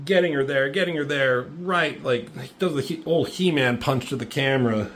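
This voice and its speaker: A man's voice: mid-range voice, normal speed, hardly any pauses. A man casually recapping a comic book page by page, swearing freely and getting worked up over the fight scenes, with lots of fillers. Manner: profane, excitable play-by-play with lots of fillers.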